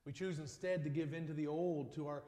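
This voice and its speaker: A male pastor delivering a sermon in measured phrases, building on repeated lines and often dropping to a soft voice. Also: fairly high pitch, steady tone. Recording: echoey hall with long reverb.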